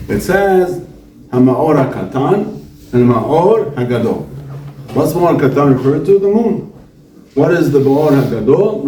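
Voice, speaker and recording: A man's voice: fairly high pitch, far from the mic. A man, a visiting rabbi, giving a Torah talk to students, asking questions and answering them himself. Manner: animated, asks and answers his own questions. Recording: echoey room, speaker away from mic.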